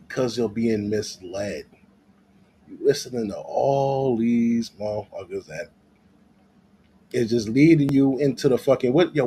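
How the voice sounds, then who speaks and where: A man delivering profane reaction commentary, loose and laughing as he goes. His voice swings up and down with animated pitch while he keeps an unhurried, drawn-out pace. There is a faint hum of noise under his voice. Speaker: vlogger.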